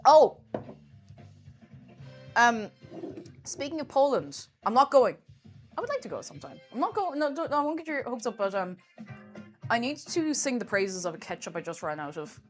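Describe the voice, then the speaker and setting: Animated, chatty young Irish woman. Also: a little high, moderate pace, pauses often, soft background music. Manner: chatty, rambling, laughs often. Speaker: streamer. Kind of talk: casual live-stream chat.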